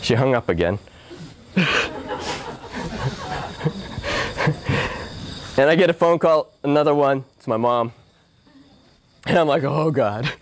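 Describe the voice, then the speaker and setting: A man's voice: mid-range voice, brisk, pauses often, slight background noise. A man giving a spiritual talk, telling a personal story and acting out his family's voices. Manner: animated, acts out family voices. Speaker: spiritual speaker. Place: yoga hall.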